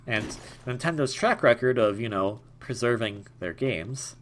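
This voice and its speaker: A man's voice: mid-range voice, expressive, a little slow, a little hiss or hum. A young man giving casual, jokey let's-play commentary, rambling and stammering over repeated words. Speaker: gaming YouTuber.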